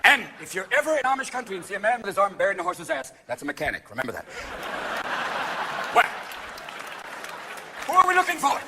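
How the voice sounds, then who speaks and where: A man doing a stand-up comedy routine, manic, swinging between shouts and hushed asides, recorded live on stage. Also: high-pitched, huge pitch swings, fast talker, long pauses, crowd noise, background noise.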